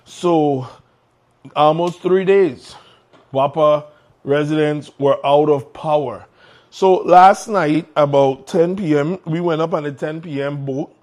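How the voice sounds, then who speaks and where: A male morning show host with a slightly raised pitch. He talks with energy and stays conversational, restarting sentences now and then as he speaks live. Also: a little mellow.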